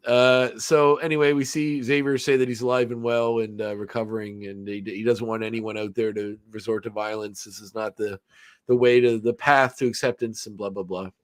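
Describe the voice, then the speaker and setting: A man's voice: on the low side, flat delivery, moderate pace, dry recording, studio quality. Rambling man hosting a podcast. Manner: rambling, many fillers and restarts, laughs often. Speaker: podcast host. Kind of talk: casual chat recapping a cartoon episode.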